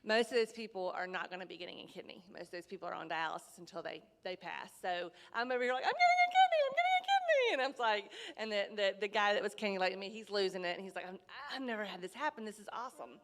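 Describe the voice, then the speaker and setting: A woman speaking as a guest in a casual chat, earnest and halting, with emotional rises as she recounts events. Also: mid-range voice, fairly bright tone, long reverb tail, a little hiss or hum. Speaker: kidney recipient, guest.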